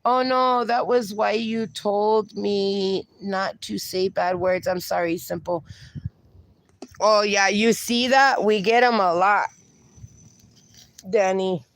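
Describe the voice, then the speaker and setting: Slow, gravelly-voiced woman hosting a live stream. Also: medium pitch, steady tone, dry recording. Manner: chatty, warm baby talk to her dogs. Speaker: livestream host. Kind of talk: casual livestream chat, reading viewer comments aloud. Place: outdoors with her dogs.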